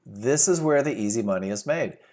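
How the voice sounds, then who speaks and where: A man's voice: mid-range voice, lively intonation, brisk, darkish tone. A man leading a live trading class over a computer microphone, firing rhetorical questions and repeating his key points for emphasis. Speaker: trading instructor. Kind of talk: live webinar teaching.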